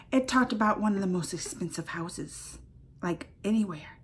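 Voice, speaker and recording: A woman hosting a casual reaction video, playful and excitable, sometimes dropping to a whisper. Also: fairly high pitch, husky. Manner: playful, sing-song and excitable, drops into whispers.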